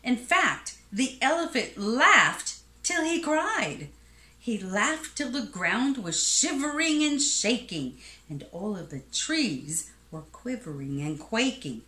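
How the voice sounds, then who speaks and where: A woman reading a children's picture book aloud in an expressive, sing-song rhyming way. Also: on the high side, slow pace. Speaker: storybook reader. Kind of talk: children's storybook read-aloud. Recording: echoey room.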